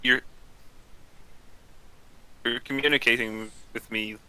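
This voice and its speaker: A man speaking as his calm, inquisitive tabletop character, asking slow, measured questions. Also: mid-range voice, smooth, rough recording. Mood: curious. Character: calm, inquisitive player character, male adventurer.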